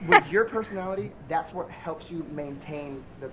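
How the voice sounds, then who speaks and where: A man's voice: fairly high pitch, normal speed, heavy background noise. A man in a casual talk-show chat, speaking earnestly and admiringly to a fellow guest. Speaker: co-host.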